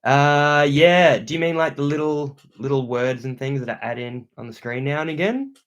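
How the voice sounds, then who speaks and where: A man's voice: mid-range voice, lively intonation, brisk. A young Australian man hosting a livestream from a room at home, reading viewer comments aloud and thanking them in laid-back slang. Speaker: outdoor channel host.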